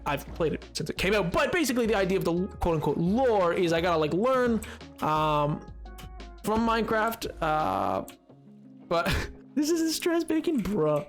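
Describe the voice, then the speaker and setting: A man with a high, sing-song voice streams a game live at a moderate pace, rambling casually to his viewers and laughing often. Soft music plays in the background.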